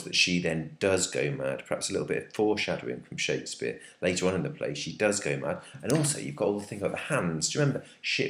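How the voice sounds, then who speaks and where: A man, teaching a literature lesson in a chatty, questioning way with frequent ums. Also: low voice. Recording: echoey room.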